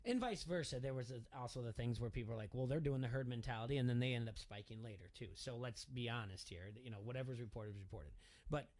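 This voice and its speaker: A male radio host who talks in a rambling, emphatic way and often repeats words. His voice sits at an ordinary middle pitch. He holds the floor in a loose talk-show back-and-forth. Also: fast, darkish tone.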